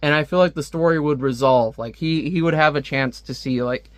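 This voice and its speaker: Casual comic reviewer, chatty and laughing, slightly high voice. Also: male voice, a little fast, few pauses, no echo. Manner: chatty, laughing, many fillers.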